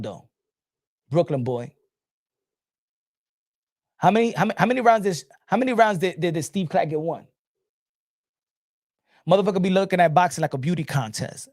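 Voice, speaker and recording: Animated, mocking New man ranting. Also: a little high, no room sound, studio quality. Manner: loud, mocking, laughing, with stammered restarts. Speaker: boxing commentator.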